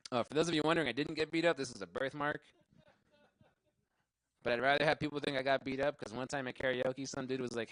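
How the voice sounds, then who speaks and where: A man's voice: medium pitch, fairly even intonation, fast, a bit bright, no echo, poor audio. Rambling young male stand-up comic. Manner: rambling, laughs at his own jokes, profane. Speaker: stand-up comedian. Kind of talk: stand-up comedy set. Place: live show venue.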